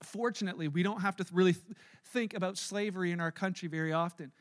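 A man preaching a sermon in church, animated and acting out everyday scenes in little voices. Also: high voice, fast. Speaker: pastor. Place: church service.

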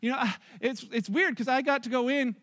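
A man's voice: very high-pitched, fairly even intonation, brisk, fairly bright tone, big-room sound. A man preaching a sermon in a chatty storytelling way, acting out the lines of people in his anecdotes. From Canada. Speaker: pastor.

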